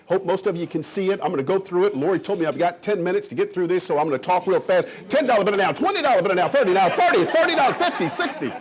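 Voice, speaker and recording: A man in his fifties from Kentucky speaks to a live audience with a husky edge and a fairly high voice for a man. He is eager and playful, telling stories and cracking jokes with the crowd. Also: darkish tone. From Kentucky, USA. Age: 50s. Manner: enthusiastic, jokey storyteller who riffs off the crowd. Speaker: county economic development official addressing realtors. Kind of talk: energetic speech to a live audience.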